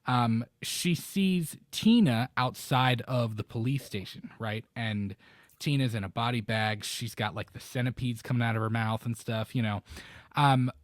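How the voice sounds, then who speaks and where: Animated man chatting about a movie. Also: dry recording. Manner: animated, acts out quoted lines with sudden high or low voices. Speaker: podcast co-host. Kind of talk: casual chat about a film.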